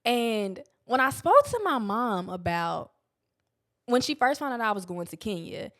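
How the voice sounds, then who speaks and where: A woman's voice: fairly high pitch, very animated, unhurried, fairly bright tone. A young woman hosting a podcast, talking candidly about self-help in a casual, blunt way, swearing freely and stretching words for emphasis. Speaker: podcast host.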